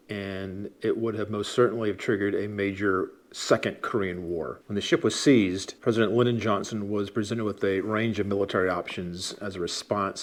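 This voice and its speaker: A man, the officer's son, explains the history in measured scripted narration. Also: on the low side.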